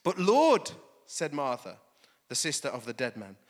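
A man preaching to his congregation in an easy, conversational way, tossing in quick check-ins as he goes. His voice sits a little higher than most men's. The sound rings out with a long reverb tail, as in a large hall. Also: wildly swooping pitch. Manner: conversational preaching, frequent "okay?" asides. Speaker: pastor. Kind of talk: sermon.

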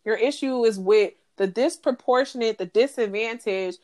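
A young woman co-hosting a podcast, ranting in a heated, profane and animated way in casual chat. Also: a little high, moderate pace. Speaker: podcast co-host.

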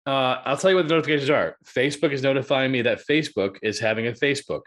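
A man's voice: mid-range voice, racing. Wry, complaining podcast co-host man. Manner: wry, deadpan complaining with profanity. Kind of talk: casual comedic chat.

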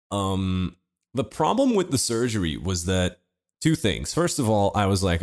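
A man's voice: on the low side, sing-song, unhurried. A man casually telling a long personal story to friends, laid-back and swearing freely. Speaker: podcast co-host telling a story.

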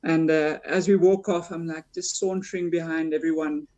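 A woman's voice: deep voice, steady tone, normal speed, warm tone. A woman playing a tabletop game, casually describing her character's actions. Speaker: player.

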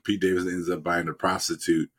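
A man's voice: sits low, flat delivery, fast, a bit bright, breathy edge. A man in casual chat, rambling and profane, retelling TV scenes with laughs between his lines. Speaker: podcast co-host.

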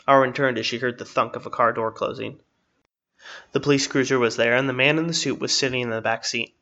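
A man reading a story aloud in steady, measured narration. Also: medium pitch. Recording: slightly dull, lo-fi.

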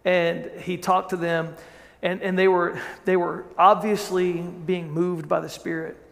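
A male pastor with a high, gravelly voice tells a story from the pulpit in a loose, conversational way, often repeating his words as he restarts a sentence. His voice carries the long reverb of a church hall. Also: flat delivery, a little slow. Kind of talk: sermon.

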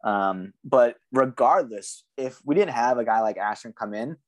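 A man's voice: medium pitch, expressive, measured pace, dry recording. A young man co-hosting a casual fight podcast, laid-back and chatty. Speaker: podcast co-host. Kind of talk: casual MMA podcast chat.

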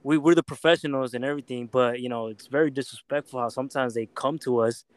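A man's voice: mid-range voice, steady tone, quick pace, no room sound. Man in casual chat, dry sound. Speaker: military recruiter.

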